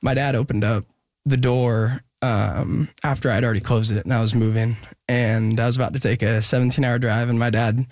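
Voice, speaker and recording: A young man, a guest in an interview, telling a personal story in an earnest, reflective, halting way. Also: medium pitch, fairly even intonation, a little mellow, dry recording, studio quality.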